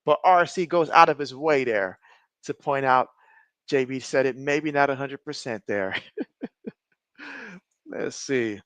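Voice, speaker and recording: A man streaming a game, giving casual play-by-play, reading viewer chat and joking often, getting excitable on big plays. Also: mid-range voice, unhurried, long pauses, clear, resonant tone, no room sound. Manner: jokey, excitable, often laughs. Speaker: live-stream sports commentator.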